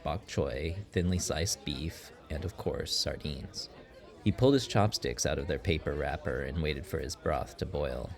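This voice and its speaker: A man reading a scripted story as narrator, in a steady, measured way. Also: a bass voice, vocal fry. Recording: audible background noise.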